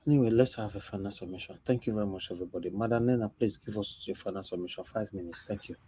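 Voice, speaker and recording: A man's voice: on the low side, fast talker, mellow, husky. A man hosting an online talk show, casual and prone to repeating words. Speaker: host.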